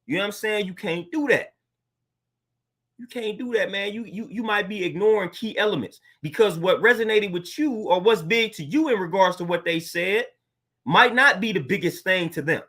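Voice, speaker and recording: A man's voice: high voice, moderate pace, a bit bright. A man giving a casual, earnest motivational talk as a coach, preaching and often calling listeners "man" and "fam".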